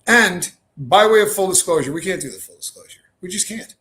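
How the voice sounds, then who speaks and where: A man's voice: high voice, lively intonation, brisk, a bit bright. A man co-hosting a casual live stream, talking in a rambling, hesitant way with many fillers.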